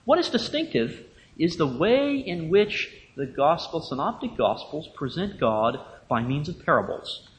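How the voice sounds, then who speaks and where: A man giving an academic lecture on the Gospels, measured and thinking aloud with fillers and restarts. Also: fairly high pitch, very animated, slight background noise, low-quality recording.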